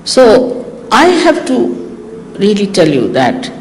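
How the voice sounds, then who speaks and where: A woman's voice: medium pitch, slow. An older woman with an Indian accent gives an informal, teasing talk to her followers as a spiritual teacher, acting out little exchanges as she goes. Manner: teasing, animated, acts out quoted exchanges. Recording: echoey hall, faint hiss, old archive tape.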